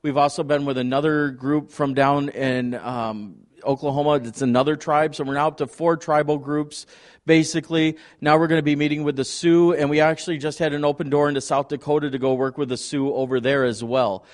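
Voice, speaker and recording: A middle-aged man speaking as a visiting ministry leader at a church, telling stories in an excited, rambling way. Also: fairly high pitch, fairly quick. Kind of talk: testimony talk to a congregation.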